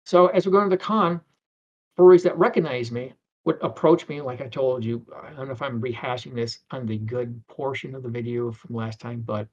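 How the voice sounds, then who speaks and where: A man's voice: medium pitch, normal speed, darkish tone. Rambling middle-aged man, lo-fi audio. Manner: rambling, many restarts, acts out quoted voices. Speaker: interview guest, animator. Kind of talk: anecdotal storytelling. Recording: dull lo-fi sound.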